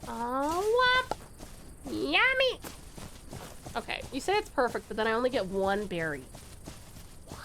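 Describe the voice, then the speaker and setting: Streaming a game for her viewers, a young Tasmanian woman from Australia giggles a lot and swears without restraint in casual commentary. Her high-leaning voice swings widely in pitch, moving a little slowly with long pauses against background noise.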